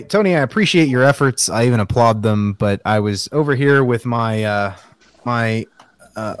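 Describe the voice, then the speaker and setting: A man's voice: mid-range voice, clear, resonant tone. A man hosting a casual podcast chat, teasing his co-hosts with dry humor. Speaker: podcast host.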